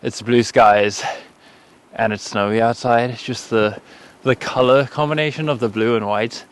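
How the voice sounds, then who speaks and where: Speaking at a moderate pace with medium pitch and fairly even intonation, this young vlogger from South Africa shares casual winter hiking advice. He stays chatty and upbeat, leaning constantly on "like."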